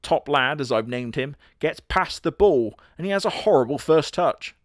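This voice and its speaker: A man's voice: on the high side, lively intonation, moderate pace, no echo, clean studio sound. A young man giving sardonic, crude comedic commentary, now and then putting on voices for quoted characters. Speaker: host.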